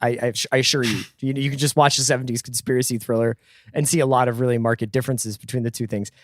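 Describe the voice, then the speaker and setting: A man's voice: mid-range voice, level tone, fast talker, no echo, studio quality. A man co-hosting a podcast in casual chat, wry and laid-back, often tagging lines with "man". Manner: laid-back, wry, uses 'man' a lot. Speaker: podcast co-host.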